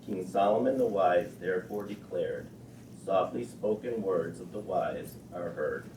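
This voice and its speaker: A man in a class reading a text aloud in a steady, careful way. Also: deep voice, unhurried. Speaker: class participant. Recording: distant and roomy, with background noise.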